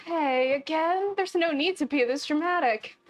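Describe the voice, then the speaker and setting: A young woman with a high, light voice reads game dialogue aloud on a live stream, often dissolving into giggles between lines. Faint music plays underneath. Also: unhurried. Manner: giggly, keeps breaking into laughter while reading.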